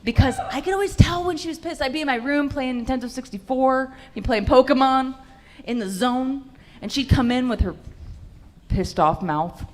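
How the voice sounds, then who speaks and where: A woman's voice: high voice, moderate pace, a little mellow. A young woman doing a stand-up set in a comedy club, brash and profane with punchy delivery into a handheld mic.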